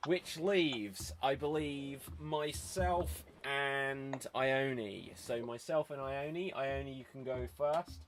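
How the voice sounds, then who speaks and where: A man hosting an online improv show over a video call, brisk and chatty, laughing often. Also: medium pitch, slight background noise.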